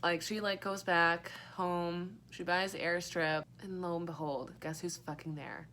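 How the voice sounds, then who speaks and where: A woman's voice: lowish voice, steady tone, unhurried, pushed and bright, slight background noise. A young woman giving a casual, rambling book review, sarcastic and full of fillers and swearing.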